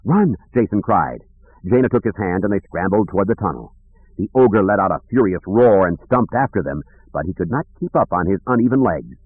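Guy narrating an audiobook, lowish voice, tinny phone-like sound. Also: breathy edge, no echo. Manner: measured, expressive storytelling.

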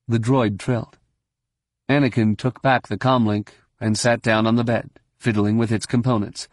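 A male audiobook narrator with a low voice reads scripted narration at a moderate pace with fairly even intonation. The recording is dry and clean, studio quality.

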